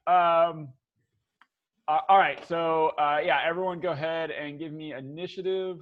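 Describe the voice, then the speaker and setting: A man's voice: a little high, steady tone, measured pace, narrow, tinny audio. A man running a tabletop game as dungeon master, laughing often and talking loosely with lots of fillers.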